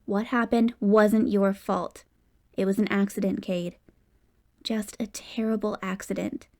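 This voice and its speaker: A woman narrating a loving middle-aged mother who shifts between soft whispers and fierce pleading. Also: medium pitch, flat delivery, unhurried, lightly acted. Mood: tender.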